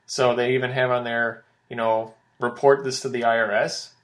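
A man's voice: medium pitch, level tone, moderate pace. Casual male podcast host, rambling storyteller. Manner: rambling storytelling with many fillers.

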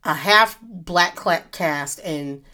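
A woman's voice: fairly low pitch, takes it slowly, pushed and bright. A woman in her thirties hosting a solo podcast, talking casually into her mic, swearing freely and drifting off on tangents. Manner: rambling, profane, goes off on tangents. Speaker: podcast host. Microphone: podcast microphone.

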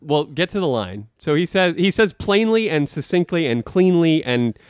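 A man on a podcast, trading jokes about a film in casual chat. His voice sits a little high and swings widely in pitch. The sound is dry and close. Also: big pitch swings, moderate pace, smooth, no echo. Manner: joking, playful, laughs often. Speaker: podcast co-host.

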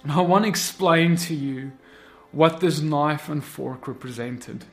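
A man preaches a sermon, recounting a vision and pressing his listeners with repeated, impassioned appeals. His voice sits somewhat high for a man. Quiet music runs under him. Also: unhurried. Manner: impassioned, repetitive exhortation that swells loud.

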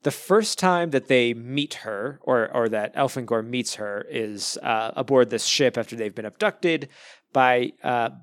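Recorded dry and at studio quality, a man with a medium-pitched voice talks a little slowly while co-hosting a casual book podcast. He rambles, restarts often, leans heavily on "like" and other fillers, and laughs from time to time.

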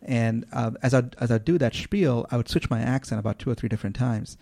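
This is a man giving a reflective radio interview, his voice gravelly and mellow. He explains his ideas patiently, slowing down and pausing to find the right words. The recording is close and dry, as from a studio microphone. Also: medium pitch, dry recording. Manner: thoughtful, explanatory, measured with frequent pauses. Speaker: interview guest, former public speaking teacher.

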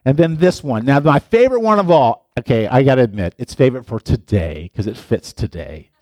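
Lively middle-aged man preaching casually. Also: mid-range voice, fairly quick, dry recording, studio quality. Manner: playful, chatty, talks to the audience directly. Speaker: pastor. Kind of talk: casual sermon.

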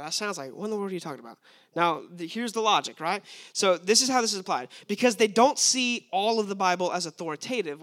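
A man's voice: sits high, a bit bright. A young man preaching a sermon, emphatic and asking his listeners rhetorical questions.

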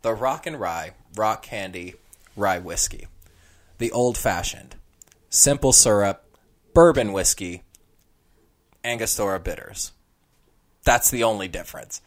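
A man co-hosting a casual chat, telling an animated story and slipping into character voices. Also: on the low side, unhurried, pauses often. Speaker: podcast co-host.

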